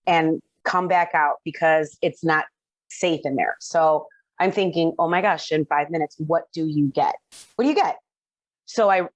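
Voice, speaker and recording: A woman's voice: fairly low pitch, no echo. A middle-aged woman casually telling a personal story, rambling with fillers and restarts. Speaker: guest telling her story. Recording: dull lo-fi dry sound.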